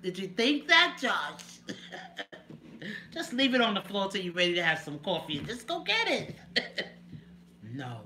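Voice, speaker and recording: A woman's voice: medium pitch, wildly swooping pitch, a little slow, pauses often, bright, forceful tone. Woman, chatty, laughing, live-stream chat, at home, noisy background. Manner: chatty, laughs often, addresses viewers by name.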